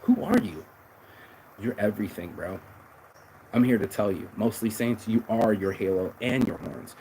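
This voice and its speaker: A man's voice: lowish voice, normal speed, darkish tone, slight background noise, rough recording. A man hosting a casual motivational monologue, blunt and profane, rambling and emphatic, often confessional and hard on himself. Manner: confessional, self-critical. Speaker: podcast host.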